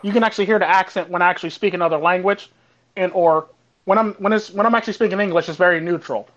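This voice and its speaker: A man from Costa Rica chatting casually on a panel, fast and full of "actually" and "basically". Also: high-pitched, fairly even intonation, fairly bright tone, muffled recording. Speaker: host.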